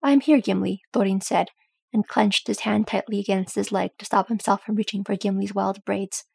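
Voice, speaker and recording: Woman narrating a story, gravelly voice. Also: medium pitch, level tone, normal speed, dry recording. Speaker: audiobook reader. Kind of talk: fan fiction audiobook narration.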